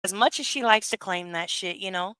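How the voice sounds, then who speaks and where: A woman's voice: medium pitch, fairly quick, a bit bright, a little hiss or hum. A woman giving heated, profane livestream commentary, rambling with many asides and tags like "right?". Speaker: commentary streamer.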